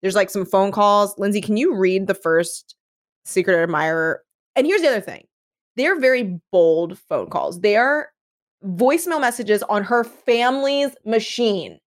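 A woman co-hosting a casual talk, retelling a story in a lively, chatty way. She scatters "like" through her sentences and drops into quick voiced asides. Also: medium pitch. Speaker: podcast co-host. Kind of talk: casual chat recapping a book.

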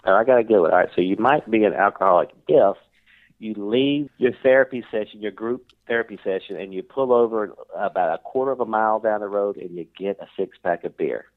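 A man's voice: fairly low pitch, brisk, no echo. A man appearing as a guest on a podcast, talking earnestly in a casual interview and repeating his points. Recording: tinny phone line.

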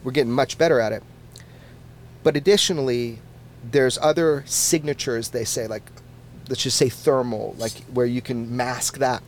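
A man being interviewed as a podcast guest, who talks in an animated and casual way, swears freely and often restarts his words. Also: medium pitch, moderate pace, slight background noise.

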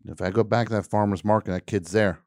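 Grumbling radio host with a low voice. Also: male voice, steady tone, fast, a little mellow, no room sound, clean studio sound. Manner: grumbling, exasperated storytelling with mock outrage. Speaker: radio call-in show host. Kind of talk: comedic call-in radio rant.

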